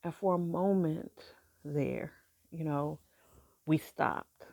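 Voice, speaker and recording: A middle-aged woman telling a personal story in a halting, soft-spoken way, with many pauses. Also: low-pitched, steady tone, creaky, no echo. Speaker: grieving mother sharing her story.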